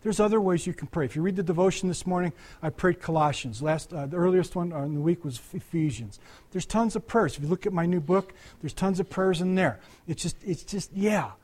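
Older male pastor, higher-pitched voice, chatty sermon delivery, frequent asides. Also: brisk, darkish tone. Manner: conversational preaching with frequent restarts and asides.

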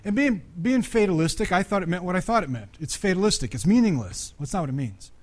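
Man, middle-aged, sermon, fairly high voice, animated, conversational, repeats and restarts words. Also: fast talker. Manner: animated, conversational preaching with sudden loud peaks. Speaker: pastor.

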